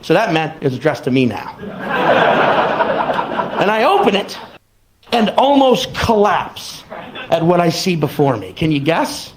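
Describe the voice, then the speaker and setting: A young man performing a stand-up comedy routine on a club stage, telling the story with animated, acted-out exclamations. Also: on the high side, measured pace, pauses often, noisy background. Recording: live audience laughter. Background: crowd laughing.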